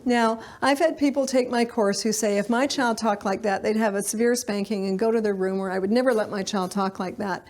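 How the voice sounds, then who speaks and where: A woman's voice: medium pitch, fairly even intonation, a little fast, few pauses, a little mellow. A middle-aged woman giving a live parenting lecture to an audience, speaking conversationally with frequent fillers and sometimes acting out what children say.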